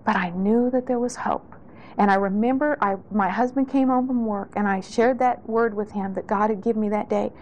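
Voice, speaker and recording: A woman's voice: medium pitch, normal speed, a little mellow, dull audio, slight background noise. A middle-aged woman giving an earnest, heartfelt spoken testimony in a sermon, often restarting her phrases. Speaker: speaker sharing testimony.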